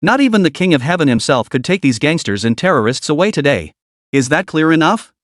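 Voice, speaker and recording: A man's voice: a little high, big pitch swings, brisk, no room sound. Brief: a clipped, no-nonsense official, voiced by a male narrator, dry recording. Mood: firm. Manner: curt, authoritative. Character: curt male security official on the phone.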